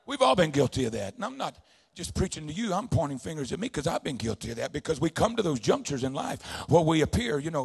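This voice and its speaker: A man preaching a sermon, swinging between hushed, low storytelling and shouted, fervent declarations. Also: big pitch swings, quick pace, creaky, hardly any pauses, husky.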